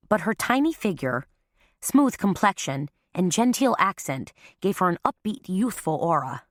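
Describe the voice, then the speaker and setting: A woman narrating a mystery audiobook in an even, storytelling way on a close studio mic. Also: on the low side, no room sound. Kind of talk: scripted narration.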